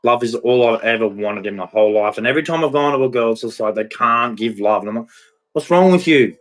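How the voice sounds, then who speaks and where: A man's voice: on the low side, fairly even intonation, quick pace, a bit bright, poor audio. A man giving a blunt, rambling, emphatic monologue about relationships, speaking candidly as a podcast host.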